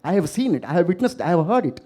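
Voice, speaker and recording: A man voicing an envious little crow who flatters the other birds in a fable. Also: sits high, rapid-fire. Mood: awed. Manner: flattering, awed.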